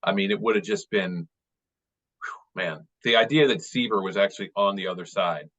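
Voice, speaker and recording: A man with a very low voice talks in a loose, rambling way, full of fillers and restarts, as he reminisces. The sound is dull and lo-fi, like audio from a video call. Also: moderate pace, a bit bright. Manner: rambling, many fillers and restarts, fond and chatty. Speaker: baseball writer, guest speaker. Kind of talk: casual interview over video call.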